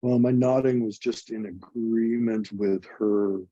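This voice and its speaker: Husky dark-voiced guy in his 40s, earnest and chatty, dry muffled sound. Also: fairly low pitch, steady tone, a little slow, no room sound. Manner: earnest, emotional, chatty with many "like" fillers. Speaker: nonprofit co-founder guest. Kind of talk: reflective conversational storytelling.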